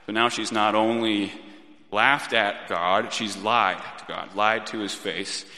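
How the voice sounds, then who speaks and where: A man in his thirties preaching a sermon in a gentle, reflective way, often restarting his phrases. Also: lowish voice, fairly even intonation, slow pace. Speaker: pastor. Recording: long reverb of a church hall.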